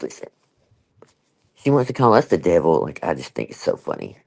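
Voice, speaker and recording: Lively, chatty older woman. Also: very deep voice, fairly quick, vocal fry, slightly rough, rough recording. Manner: chatty and emphatic, laughs often, with many asides. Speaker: live-stream host. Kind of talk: casual chat.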